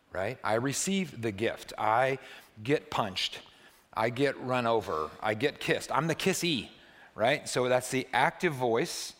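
Animated, playful male pastor preaching. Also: lowish voice. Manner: playful and animated, swinging between loud bursts and hushed, soft passages. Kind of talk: sermon. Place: church.

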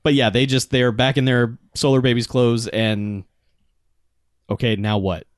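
A man's voice: medium pitch, level tone, measured pace, dry recording. A man in casual podcast chat, with a mid-range voice and a sarcastic, amused way of talking. He laughs easily between points. The sound is dry and close to the mic. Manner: wry, laughs often, sarcastic asides. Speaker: podcast co-host. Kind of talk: casual movie recap chat.

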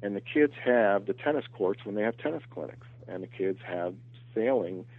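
Earnest low-voiced man on a phone line. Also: lively intonation, moderate pace, no room sound. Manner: earnest, repeats words as he thinks. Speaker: golf professional, interview guest. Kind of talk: podcast interview. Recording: tinny phone line, very dry.

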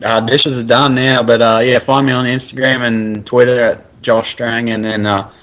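A man with an Australian accent, a guest in a casual interview, talking in a relaxed way with many fillers and restarts. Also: medium pitch, moderate pace, poor audio. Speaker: guest, racer.

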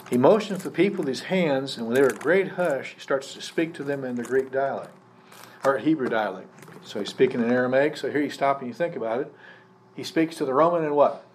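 At a live church service, a male pastor teaches conversationally, walking the congregation through a passage and putting questions to them. He speaks fairly quickly at an ordinary middle pitch, with a faint hum of noise under the recording.

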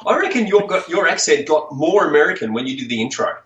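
A man's voice: a little high, animated, quick pace, fairly bright tone. A man with an Australian accent, a chiropractor and author, telling his story as a podcast guest in an earnest, enthusiastic way. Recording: dull, roomy audio from a distance.

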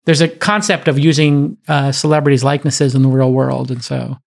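A man's voice: medium pitch, steady tone, a little fast, vocal fry. A man hosting a podcast, telling an emphatic story in casual chat and acting out the quoted dialogue. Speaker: podcast host.

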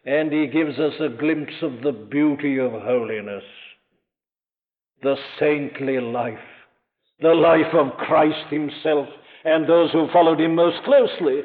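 Impassioned preacher on a tinny tape. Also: male voice, fairly high pitch. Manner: earnest, emphatic, rising to impassioned peaks; addresses listener directly. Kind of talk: sermon.

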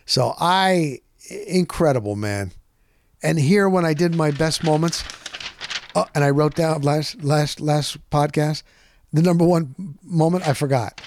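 A man hosting a podcast, telling a rambling, excitable story in a casual monologue and punching points with "boom.". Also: a little slow, slight background noise. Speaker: podcast host.

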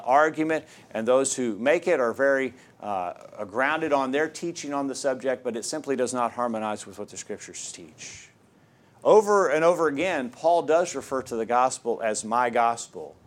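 A man preaching in an earnest, emphatic way, stressing his points as he reads scripture passages aloud. His voice sits at an ordinary middle pitch for a man. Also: lively intonation, moderate pace. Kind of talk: sermon.

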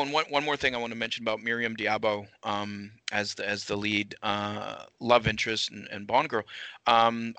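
A man's voice: medium pitch, pushed and bright, no room sound, rough recording. A man co-hosting a casual film discussion podcast, rambling with frequent restarts and laughs. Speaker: podcast co-host.

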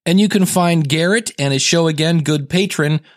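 A man hosting a podcast in a chatty, casual voice that sits a little high. He talks close to the mic in a dry room and drifts into quick asides. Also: dry recording. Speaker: podcast host.

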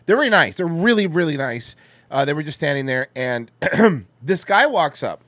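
A man's voice: on the high side, very animated, normal speed, a bit bright, no echo. A man co-hosting a podcast, telling a crude story in casual chat and acting out the people he quotes. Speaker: podcast co-host.

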